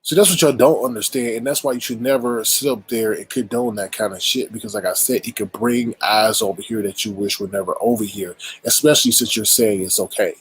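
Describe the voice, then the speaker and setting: Husky-voiced man ranting bluntly. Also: on the low side, steady tone, a little fast, few pauses, low-quality recording. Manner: blunt, exasperated, rhetorical, profane. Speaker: commentary channel host. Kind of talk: casual ranting commentary.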